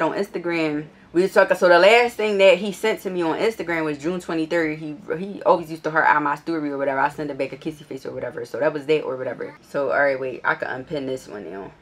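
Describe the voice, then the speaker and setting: A woman vlogger telling a casual story in a blunt, profane, animated way. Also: sits low, fast talker, few pauses.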